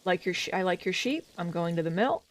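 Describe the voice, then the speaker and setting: A woman's voice: fairly low pitch, lively intonation, fairly quick, a little hiss or hum. Chatty woman streaming a game. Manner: chatty, joking, talks to game characters. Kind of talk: live gameplay commentary.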